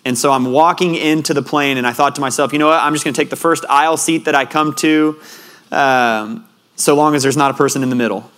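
A man preaching a sermon, telling a personal story in an earnest way and growing quiet and soft at tender moments. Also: on the high side, brisk.

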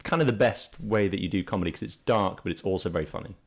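Male podcast co-host, casual and chatty, lowish voice, quick to laugh at himself. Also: vocal fry. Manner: chatty, self-mocking, laughs often. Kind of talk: casual chat.

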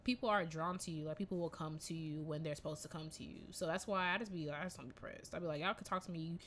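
A young woman in her twenties co-hosting a casual podcast chat, animated and slangy, laughing often. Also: low voice, quick pace, slight background noise. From Jamaican family ties. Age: 20s. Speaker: podcast co-host.

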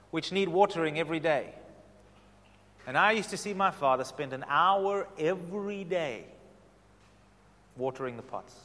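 A man preaching a sermon with passion, his delivery swinging from loud to soft. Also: sits high, in a large hall. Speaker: pastor.

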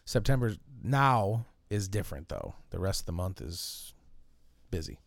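A man co-hosting a casual podcast, answering in short, low-key replies. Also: sing-song, a little slow, creaky, no echo. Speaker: podcast co-host.

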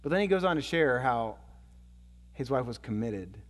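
A man preaching a sermon as a storytelling pastor, swinging from loud, excited passages to hushed, low ones. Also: normal speed, long reverb tail.

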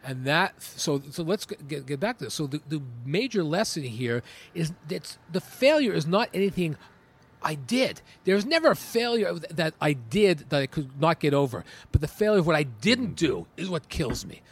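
Brief: middle-aged entrepreneur from Canada, interview guest, lively storyteller, stumbles and restarts. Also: male voice, fairly high pitch, moderate pace, breathy edge. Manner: animated, emphatic, with many restarts.

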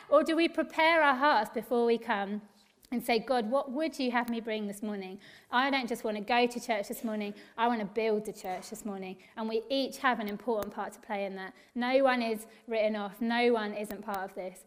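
A woman worship leader giving an eager, encouraging church talk to a congregation, quick and laughing often. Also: fairly high pitch.

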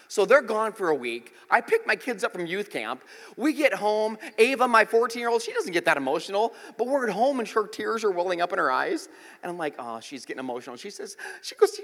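A pastor in his forties preaches a sermon in a church auditorium, telling jokey stories and voicing the quotes in them. His voice is high-pitched with a sharp tone, and the hall is reverberant.

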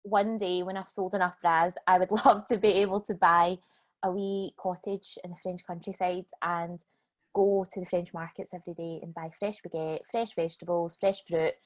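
A Scottish woman in her thirties, a business owner chatting as a podcast guest, relaxed and self-deprecating, laughing often. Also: on the low side, moderate pace. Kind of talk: casual podcast chat.

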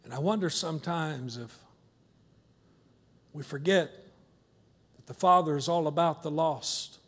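A man's voice: a little high, measured pace, fairly bright tone. A male pastor preaching a sermon in a church, acting out voices of complainers and children. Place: church sanctuary.

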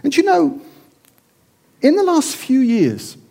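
Man, middle-aged, higher voice, theatrical, self-mocking, sermon-style storytelling. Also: huge pitch swings, slow, creaky, warm tone. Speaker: speaker.

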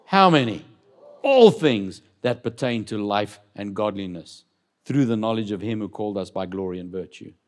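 A man preaching a sermon as pastor, building loud emphatic declarations and dropping low to read scripture and question the congregation. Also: expressive, moderate pace.

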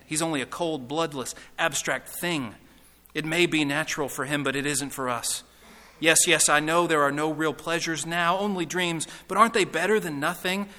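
A man voicing a sly male lizard who coaxes and wheedles softly. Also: on the high side. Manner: soft, coaxing, persuasive. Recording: reverberant hall.

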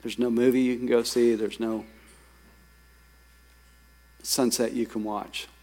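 A man preaching a sermon as pastor, lively, reading scripture and telling stories to his congregation. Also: medium pitch, unhurried. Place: church sanctuary. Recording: long hall reverb.

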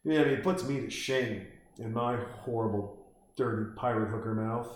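A man's voice: fairly low pitch, normal speed, roomy sound, a little hiss or hum. A man casually reacting to a film at home over a beer, rambling, joking and swearing as he acts out lines. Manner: rambling, profane, jokey, acts out quotes. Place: home room.

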